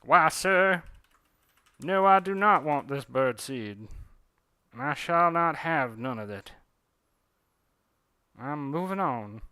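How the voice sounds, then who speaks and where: A stiff-necked Southern gentleman bird with a put-on drawl, as a man puts him on, lifting his voice a little higher and louder than plain talk. His words come out genteel and aggrieved, bright and dry-sounding. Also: animated, takes it slowly, long pauses, clear, resonant tone, no echo, exaggerated voice. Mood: indignant. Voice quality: formal, indignant, genteel diction. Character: pompous old-fashioned male Southern cardinal bird.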